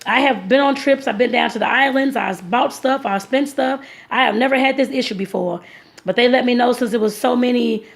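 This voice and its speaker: A woman vlogger tells a long personal story in a loose, rambling way, calling her viewers y'all. Her voice sits a little high and carries heavy vocal fry. She circles back with fillers and restarts as she talks. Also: fairly quick. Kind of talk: casual storytelling vlog.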